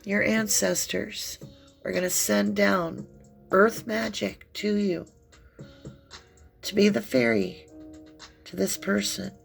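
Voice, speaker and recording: A woman's voice: mid-range voice, fairly even intonation, creaky, faint music behind. A woman giving an emotional tarot reading, crying and speaking in a heartfelt, soothing way. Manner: tearful, heartfelt, slow and soothing. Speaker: tarot reader.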